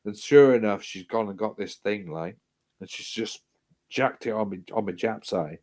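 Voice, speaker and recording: A man's voice: on the low side, normal speed, darkish tone. A man telling a hospital story in casual chat, swearing freely, repeating himself and acting out what people said.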